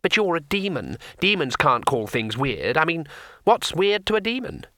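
A man's voice: on the high side, very animated, normal speed, bright, forceful tone, dry recording, clean studio sound, voice pushed up. A man doing an earnest, polite little tourist. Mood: puzzled. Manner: earnest, puzzled questions.

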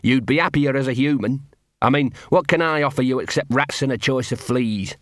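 A man's voice: medium pitch, a little fast, no room sound, clean studio sound, close to an everyday voice. A man voicing a scruffy, nervous small male dog who rambles in ungrammatical street talk, repeating himself.

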